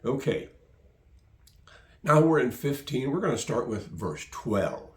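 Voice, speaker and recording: A man's voice: mid-range voice, big pitch swings, slow, long pauses. A male pastor preaching a sermon, emphatic and fond of repeating phrases for stress. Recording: roomy echo.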